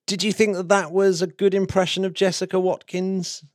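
A man co-hosting a podcast in casual chat, chatty and self-deprecating, quick to laugh. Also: high-pitched, flat delivery, no room sound, clean studio sound. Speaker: podcast co-host.

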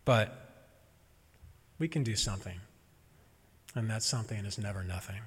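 A man preaching a sermon as a minister, gentle and reflective with touches of humor. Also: on the low side, moderate pace, breathy edge, long reverb tail.

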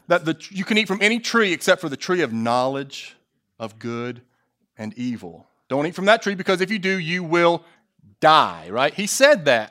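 A man preaching a sermon, stressing key phrases slowly and putting questions to the congregation, with jokey asides. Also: on the high side, sing-song, a bit bright. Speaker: pastor.

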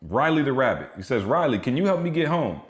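A man voicing his young son as an excited little boy telling a story, in an echoey room. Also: medium pitch, quick pace, close to an everyday voice.

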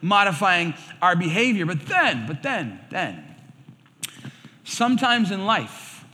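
A man's voice: sits high, big pitch swings, takes it slowly, sharp tone. A male pastor preaching a sermon, telling stories animatedly and acting out quoted voices. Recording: reverberant hall sound.

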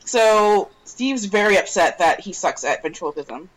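A woman co-hosting a podcast, chatting casually with sarcastic, lively remarks. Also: mid-range voice, moderate pace, rough recording. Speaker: podcast co-host. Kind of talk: casual chat.

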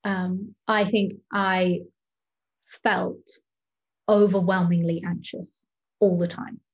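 A young adult woman speaking candidly as an interview guest, reflective and hesitant, with many pauses and ums. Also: on the low side, little pitch movement, highs cut off. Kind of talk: candid personal interview talk.

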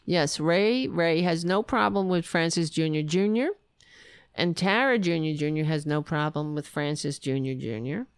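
A woman's voice: fairly low pitch, smooth, dry recording, studio quality. A middle-aged woman hosting a casual livestream, ranting bluntly and chatting with her viewers and her cats. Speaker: livestream host. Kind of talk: casual political livestream chat.

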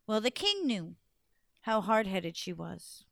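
A woman telling a folk tale to an audience in an expressive, playful way, with dramatic pauses. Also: mid-range voice, vocal fry, no echo, studio quality. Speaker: storyteller. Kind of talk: animated storytelling to an audience.

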